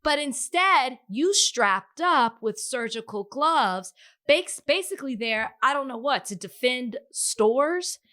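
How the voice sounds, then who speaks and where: A female podcast co-host giving her views in casual conversation, earnest and emphatic. Her voice is bright, with a crisp edge, and sits somewhat high. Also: lively intonation, takes it slowly.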